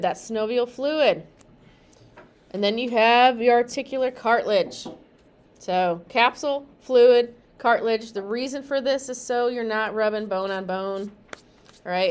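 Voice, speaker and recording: A woman's voice: fairly high pitch, smooth. A young woman teaching anatomy for massage exam prep, chatty and joking, laughing often between points. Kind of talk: casual classroom lecture.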